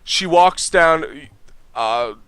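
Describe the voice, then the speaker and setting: Bright, crisp young male game master. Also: on the high side, expressive, dry recording. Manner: halting, many fillers and restarts. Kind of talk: narrating a tabletop game.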